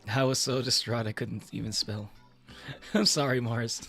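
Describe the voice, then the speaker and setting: A man's voice: medium pitch, steady tone, unhurried, vocal fry, a bit bright, soft background music. A young man streaming, chatting casually to his viewers in a rambling way, with many fillers and restarts and frequent laughs. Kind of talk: casual livestream chat.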